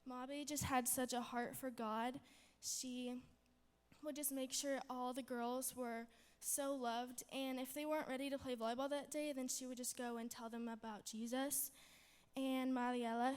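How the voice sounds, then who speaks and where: A high-voiced young woman gives a rambling, bubbly testimony to a chapel audience, filling her sentences with "like" and "um". Her voice carries a long hall reverb. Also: fairly even intonation, unhurried. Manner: bubbly, rambling, many fillers. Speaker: student giving testimony.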